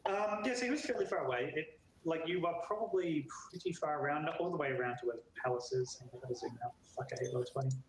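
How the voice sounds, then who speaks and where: An Australian man runs the tabletop game as dungeon master. He narrates in a relaxed way, leaning on fillers and now and then slipping into other characters. His voice echoes in the room over a faint noise floor. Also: a little high, quick pace.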